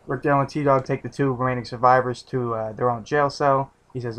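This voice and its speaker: A man's voice: mid-range voice, fairly even intonation, quick pace, hardly any pauses, fairly bright tone. A man giving a casual, rambling recap of a TV episode, restarting his sentences often and swearing freely. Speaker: TV episode reviewer.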